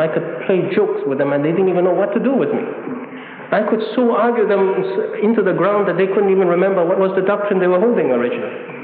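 Man preaching a sermon, kinda high voice, thin tinny sound, lots of rhetorical questions. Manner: emphatic, rhetorical questions, dramatic shifts between loud challenge and soft reverence. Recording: echoey hall, phone-like band, faint hiss.

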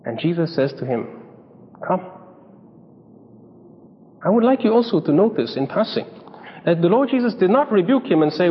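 A man's voice: high voice, very animated, normal speed, pauses often. A man preaching a sermon, telling stories and acting out the people he quotes with emphasis. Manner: storytelling, acts out quoted voices, emphatic. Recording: dull lo-fi sound in a reverberant hall.

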